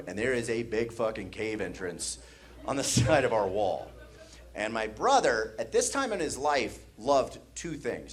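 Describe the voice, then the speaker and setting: A man from the American Midwest doing stand-up comedy, telling a story with laughter and sound effects on a comedy stage. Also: mid-range voice.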